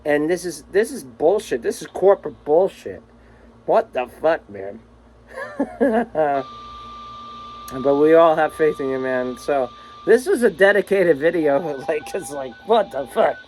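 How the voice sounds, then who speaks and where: A man's voice: fairly high pitch, big pitch swings, measured pace, pauses often, darkish tone, a little hiss or hum, low-quality recording. A man recording a casual, rambling video message to a friend, swearing freely and laughing often. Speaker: vlogger.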